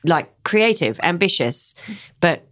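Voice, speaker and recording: Brief: English woman in her 30s, lowish voice, guest chat, animated, laughs easily, English accent worn down by years in Australia. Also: slow pace. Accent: English, softened by years in Australia. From England. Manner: animated storyteller, laughs often, acts out quoted voices. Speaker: podcast guest, stage performer and producer. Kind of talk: casual interview chat.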